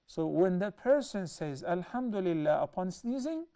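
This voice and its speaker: A man lectures on a hadith in a dark, mellow voice. He speaks in a measured way and often stops to restate a point more clearly. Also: high-pitched, very animated. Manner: measured, explanatory, with repeated self-corrections. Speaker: Islamic teacher. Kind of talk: explaining a hadith to a class.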